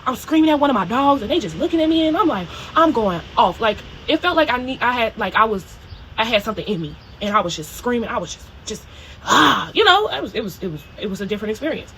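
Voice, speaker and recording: A woman telling a personal story for her video diary in a casual, animated way. She swears freely and keeps checking in with "you know" and "okay?". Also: on the high side, fast, background noise. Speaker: spiritual video diarist.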